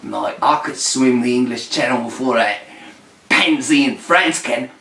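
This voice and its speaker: A man voicing an indignant male English cat who sputters with outrage in a high, strained voice. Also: measured pace, bright, forceful tone. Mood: furious. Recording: roomy, distant mic.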